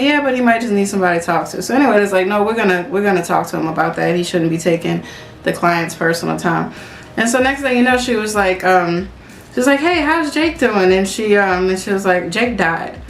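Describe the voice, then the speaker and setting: A woman's voice: mid-range voice, a little hiss or hum. Chatty woman co-host in an echoey room. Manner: chatty storyteller, many fillers and retold quotes. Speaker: podcast co-host. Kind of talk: casual chat. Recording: roomy echo.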